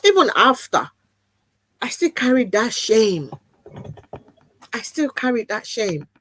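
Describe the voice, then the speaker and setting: A woman's voice: fairly high pitch, big pitch swings, slow, fairly bright tone, a little hiss or hum. A woman guest speaking in an earnest, emphatic way over a video call, often repeating phrases for weight. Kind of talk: candid video-call conversation.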